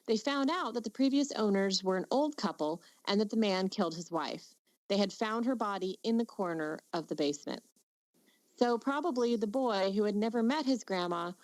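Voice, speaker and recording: A woman's voice: medium pitch, dry recording, poor audio. A woman with a mid-range voice reads a listener's story on a podcast, dropping in dry, joking remarks. The recording is close and dry, with no room sound. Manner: wry, joking asides. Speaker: podcast co-host. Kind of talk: casual podcast story reading.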